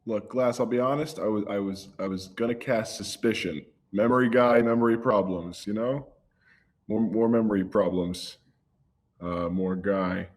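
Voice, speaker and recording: A man's voice: fairly low pitch, normal speed, a little mellow. A man playing a tabletop game in character, rambling and stumbling over his words as he jokes. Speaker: player.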